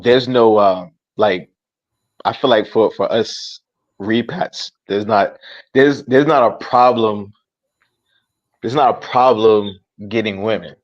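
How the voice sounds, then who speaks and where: A man from the United States calling into a livestream, talking casually and haltingly, often pausing to search for words. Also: on the low side, lo-fi sound. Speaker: caller on a livestream. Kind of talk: casual chat.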